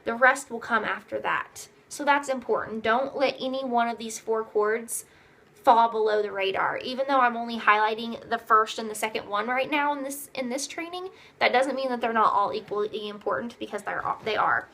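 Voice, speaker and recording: A young woman leads her direct sales team in upbeat, repetitive training, acting out customers' replies in a raised voice. Her voice is a little high, gravelly, bright, and forceful, at normal speed. There is slight background noise.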